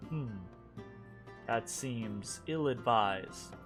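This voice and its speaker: A man voicing a proud, gruff male lizardfolk who speaks slowly in clipped, formal sentences. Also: medium pitch, fairly bright tone, faint music behind, voice pushed down. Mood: stiff. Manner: slow, clipped, formal speech.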